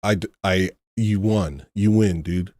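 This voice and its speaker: A man's voice: sits low, steady tone, a little slow, a little mellow, no room sound. A man hosting a livestream, talking casually in a sarcastic, exasperated way, sounding tired. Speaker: livestream host.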